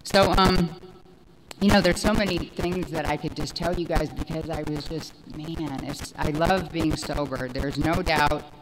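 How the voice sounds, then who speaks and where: A woman in her forties giving a personal recovery testimony, rambling and animated, with many fillers. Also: low-pitched, unhurried, background noise. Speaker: speaker sharing recovery story.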